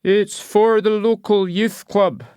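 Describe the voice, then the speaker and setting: A man voicing a pushy old local man selling raffle tickets in an audiobook, with a slow wheedling patter. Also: sits high, steady tone, darkish tone, clear, resonant tone, dry recording, studio quality, voice pushed up. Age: older.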